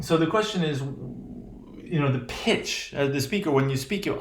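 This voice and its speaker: A man's voice: medium pitch, moderate pace. Man lecturing with frequent "right?". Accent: American. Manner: hesitant, many fillers and "right?" checks. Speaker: teacher. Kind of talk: classroom lecture on intonation. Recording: echoey room.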